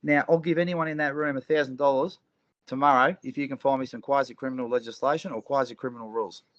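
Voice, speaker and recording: A man's voice: medium pitch, fairly even intonation, fast, slight background noise. A man speaking as a guest, telling courtroom stories with emphasis, repeating phrases and acting out the exchanges. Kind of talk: animated storytelling talk. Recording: dull lo-fi recording.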